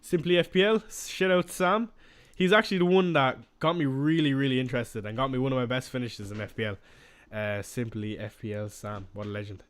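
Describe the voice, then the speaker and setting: A young man hosts a casual live stream, talking loosely and answering viewers' questions as they come in. His voice sits at an ordinary middle pitch for a man. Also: steady tone, brisk, few pauses, smooth. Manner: chatty, reacting to viewer questions.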